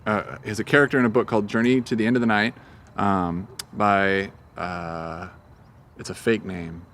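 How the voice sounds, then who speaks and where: A young musician chats in a casual outdoor interview on a park greenway, his voice sitting fairly low. He rambles easily, loose and unhurried, filling gaps with ums and uhs. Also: fairly bright tone, a little hiss or hum. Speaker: singer-songwriter guest.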